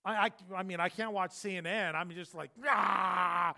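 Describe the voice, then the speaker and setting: A man preaching an expository sermon in a conversational way, swinging from loud emphatic bursts to hushed intensity. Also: high voice, steady tone, brisk. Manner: conversational, repeats words when restarting. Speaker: pastor.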